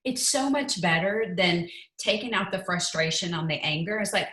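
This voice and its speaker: A woman's voice: lowish voice, lively intonation, normal speed, sharp tone, reverberant, rough recording. A woman hosting a casual prayer-group chat, playful and laughing often. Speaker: host.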